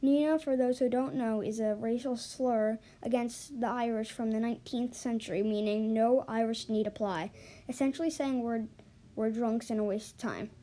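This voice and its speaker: A woman's voice: fairly high pitch, steady tone, normal speed, warm tone. A woman reading an online forum story aloud, with small stumbles and restarts along the way. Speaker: story reader. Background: faint background music.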